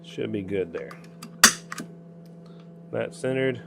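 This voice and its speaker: A man's voice: lowish voice, slow, gravelly, very noisy. A man with a Southern US accent casually talking himself through each step as he works in his workshop. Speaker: workshop maker. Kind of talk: casual narration while working.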